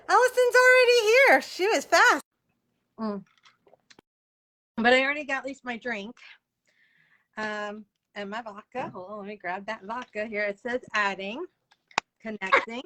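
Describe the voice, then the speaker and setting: A woman's voice: on the high side, bright, forceful tone. A woman hosting a live video interview, chatting casually and greeting viewers by name. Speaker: livestream interview host. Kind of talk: casual live-stream chat. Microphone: video call.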